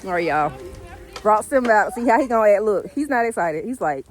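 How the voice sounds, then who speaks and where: A woman's voice: medium pitch, a little fast. A woman, chatting casually to the camera as a vlogger about her dogs. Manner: chatty and animated, uses y'all, narrates her dogs' reactions. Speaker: vlogger and dog owner.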